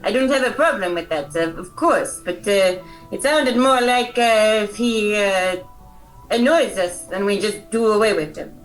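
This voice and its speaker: A woman's voice: medium pitch, measured pace, soft background music. A woman running a tabletop game, narrating and speaking in character with a lot of hesitation and ums. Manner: hesitant, full of ums and uhs. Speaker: game master. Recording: voice distant from the mic.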